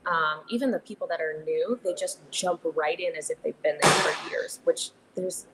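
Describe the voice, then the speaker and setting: A young woman with a slightly low voice chats easily as a podcast guest, full of fillers and quick laughs. A steady hiss of background noise sits under her voice. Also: rough recording. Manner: chatty, many fillers and restarts, laughs easily. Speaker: guest, theater director. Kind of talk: casual podcast interview.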